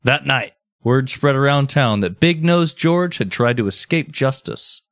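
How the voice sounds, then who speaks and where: Brief: male podcast storyteller, mid pitch, easygoing narration with comic asides, dry mic. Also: measured pace, no room sound. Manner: relaxed storyteller, drifts into joking asides. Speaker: podcast host telling the story.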